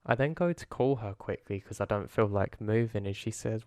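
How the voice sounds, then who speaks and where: A man calmly narrating a first-person horror story in a low-key way. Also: normal speed, no room sound, clean studio sound. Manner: calm, low-key retelling.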